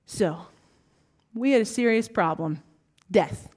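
A woman with a Southern US accent preaching a sermon, with emphatic rising lines and hushed, whispered asides. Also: mid-range voice, animated, slow, slightly rough.

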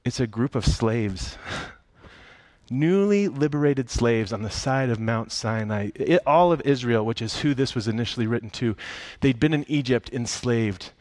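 A man's voice: medium pitch, animated, measured pace, darkish tone, dry recording. A man preaching a sermon in a conversational, humorous storytelling way. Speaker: pastor.

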